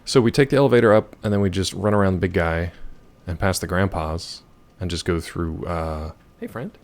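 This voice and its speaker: An American man with a hoarse, gravelly voice from a week of yelling, chatting casually while streaming a game and reading chat. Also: low voice, a little fast. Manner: rambling, jokey, reads chat aloud.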